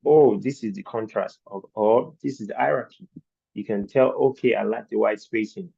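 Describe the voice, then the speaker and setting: A man lectures an online design class in a low, mellow voice, taking his time over each point. He keeps posing rhetorical questions to the learners. The sound is dry and dull, like low-fidelity call audio. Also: normal speed, creaky, breathy edge, no echo. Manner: explains patiently with rhetorical questions. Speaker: design instructor. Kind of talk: virtual training lecture.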